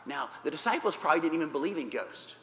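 Fast, bright, and forceful, a man with a voice on the high side swings his pitch widely while teaching kids a Bible story. He repeats points simply and keeps asking "right?" and "okay?". The church hall sounds roomy and reverberant, with faint background noise.

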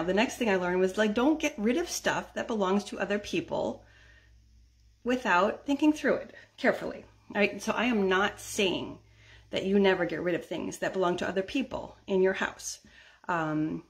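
A middle-aged woman vlogging in a casual chat, often checking in with her viewers and laughing between lines. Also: medium pitch. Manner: chatty, keeps checking in with "right?" and "okay?". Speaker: decluttering vlogger.

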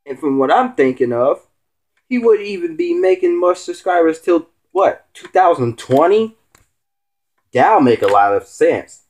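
A man's voice: very animated, a little slow, a little mellow. A man hosting a casual vlog as a stand-in, rambling and teasing as he rants to his viewers. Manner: rambling and teasing, with swooping pitch. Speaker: stand-in show host.

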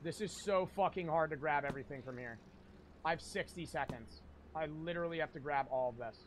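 A young man streaming a cooking game, talking to his chat in a frantic, profane, yelling way. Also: a little high, fairly quick, a little hiss or hum. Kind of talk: gaming livestream commentary.

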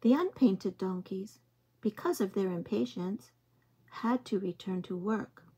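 Slow, breathy woman reading aloud. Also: mid-range voice. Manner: slow, gentle, expressive read-aloud. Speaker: early-years storytime reader. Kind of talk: reading picture books aloud to young children.

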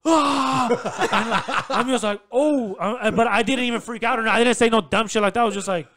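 A man's voice: sits high, fairly even intonation, fast, pushed and bright. A man in casual podcast chat, teasing his friends and telling stories in a laid-back, profane way.

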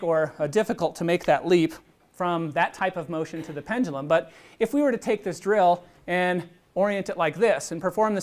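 Man giving a physics lecture with demonstrations. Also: high-pitched. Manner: conversational, explains step by step with asides and restarts. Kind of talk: university lecture with live demonstration. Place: lecture hall.

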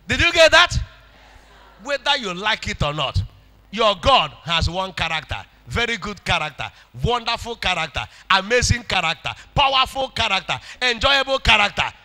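A man's voice: high voice, very animated, normal speed, pushed and bright, in a large hall. A man with a Nigerian accent preaching a fervent sermon, leading the congregation in call-and-response.

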